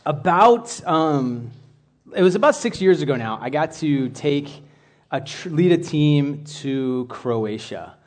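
A man's voice: a little high, expressive, takes it slowly, darkish tone. A man giving a casual, conversational sermon to a church group, rambling a little with asides and restarts. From United States. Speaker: church speaker.

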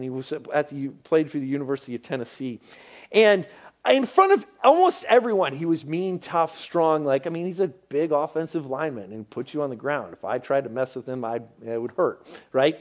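A man delivers a conversational sermon in a fairly high voice. He speaks in a casual, animated way and sometimes drops to a hushed near-whisper. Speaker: pastor.

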